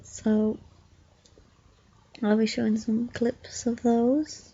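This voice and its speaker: A drowsy young woman rambles through a casual vlog from her bed, still yawning. Her voice is gravelly and a little husky, mellow in tone, with a flat, unhurried lilt. The recording sounds dull and lo-fi. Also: on the high side. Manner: drowsy, meandering, soft-spoken. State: sleepy, yawning. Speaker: vlogger. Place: bedroom, lying in bed.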